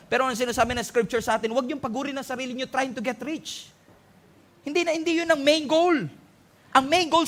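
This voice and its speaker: A Filipino-accented man delivers a sermon from the pulpit. His voice sits very high for a man, and he presses his points with emphatic rises, calling out to the congregation as he preaches. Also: fairly bright tone. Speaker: pastor.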